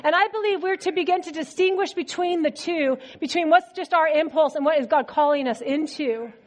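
High-voiced woman preaching a sermon. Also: a little fast. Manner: conversational, animated storytelling.

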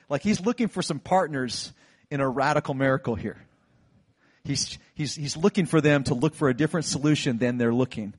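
A middle-aged man preaching a sermon, retelling a Bible story with lively acted-out lines. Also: mid-range voice, a little fast, husky. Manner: animated storytelling, acts out disciples' lines. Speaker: pastor.

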